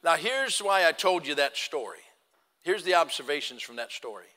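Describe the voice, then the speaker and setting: Male pastor, sermon storytelling, slightly high voice, long reverb of a church hall. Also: expressive, moderate pace. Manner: acts out quoted dialogue, swings from loud to hushed.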